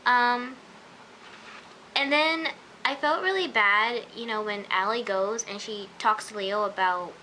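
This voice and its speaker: A young woman talks through a TV episode in a casual, gushing vlog. Her voice sits fairly high and sounds bright and crisp. She leans hard on "like" and "oh my gosh," and a faint hiss runs under the recording. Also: slow, low-quality recording. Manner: gushing, chatty, many "like" and "oh my gosh". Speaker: vlogger.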